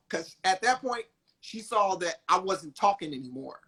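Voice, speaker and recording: Young male podcast host, bright and high, casual storyteller. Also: normal speed. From New Jersey. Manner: animated, acts out quotes with big pitch jumps.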